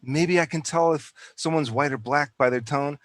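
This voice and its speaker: A man's voice: fairly high pitch, normal speed, no echo. Guy rambling in a casual podcast chat, lots of restarts, dry close mic. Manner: rambling, restarts often, animated. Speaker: actor and guest. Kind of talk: casual conversation.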